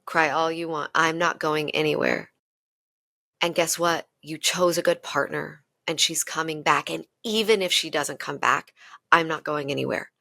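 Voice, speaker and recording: A woman putting on a calm, soothing inner voice, lower and softer than her usual talk, steady and reassuring. It comes across slow and close, in a dry room with no echo. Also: gravelly, full character voice.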